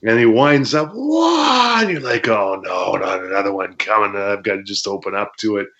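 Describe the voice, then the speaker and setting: A Canadian man, a former pro wrestler, telling stories in a casual interview, acting out shouts and sound effects and laughing often. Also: on the low side, brisk. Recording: dull lo-fi audio.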